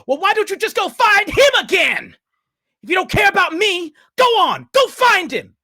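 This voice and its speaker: A shrill, threatening teenage vampire girl rages at full volume. A man voices her during a tabletop game. The voice is bright and piercing, and the room is dry. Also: big pitch swings, normal speed, no room sound, exaggerated voice. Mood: screaming.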